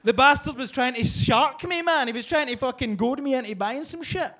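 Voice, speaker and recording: A man's voice: extremely high pitch, fairly quick, bright, forceful tone. A Scottish man doing a profane stand-up set in a small bar, telling a story and acting out its voices. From Scotland. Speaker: stand-up comedian. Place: small bar with live audience.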